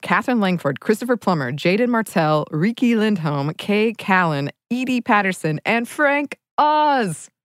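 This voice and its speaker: This woman co-hosts a podcast, chatting casually and laughing often. Her voice sits on the low side, and the studio-quality recording has no room sound.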